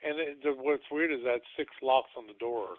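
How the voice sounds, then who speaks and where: A podcast host, a man with a voice of ordinary pitch, rambles through a long story and acts out what people said. It sounds tinny, as if it came over a phone line. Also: moderate pace. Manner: rambling retelling, acting out quotes. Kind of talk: casual storytelling.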